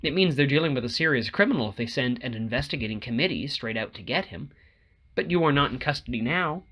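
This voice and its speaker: A man's voice: mid-range voice, lively intonation, fast talker, a bit bright. A man reading an audiobook who voices a curious, teasing young woman lodger in a lifted voice. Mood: lively. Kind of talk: audiobook character voice.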